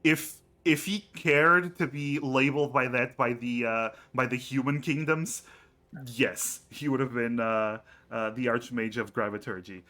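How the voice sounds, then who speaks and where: A man acting as game master, explaining campaign lore in a halting way, with many fillers and restarts. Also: mid-range voice, steady tone, pushed and bright.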